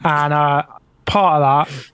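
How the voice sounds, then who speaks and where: A man co-hosting a podcast, telling a story with animated energy and frequent swearing. His voice sits a little higher than most men's, recorded close and dry with no room sound. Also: slow pace, smooth, no room sound. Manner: animated, swears freely, acts out his own reactions. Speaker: podcast co-host. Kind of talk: casual storytelling banter.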